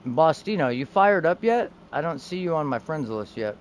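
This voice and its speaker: Laid-back male streamer, slightly high voice. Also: very animated, normal speed, a little hiss or hum. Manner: laid-back, swears casually, trails off mid-sentence. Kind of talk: casual gaming stream chat.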